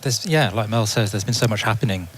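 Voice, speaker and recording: A man's voice: on the low side, fast, faint music behind. A man on a cricket panel giving a wry opinion, often repeating words as he speaks. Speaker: cricket journalist. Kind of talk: casual panel chat.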